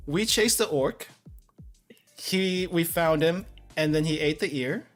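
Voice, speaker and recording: A relaxed guest co-writing and reading out a story on a game stream, chuckling between lines. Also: medium pitch, slow, soft background music. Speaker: co-writer and story reader.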